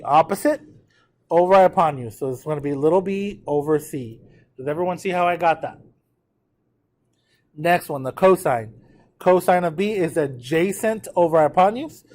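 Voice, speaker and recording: A fairly high-pitched, darkish-toned math teacher leads a classroom trigonometry lecture. He checks in with students frequently and drills pronunciation by having the class repeat terms.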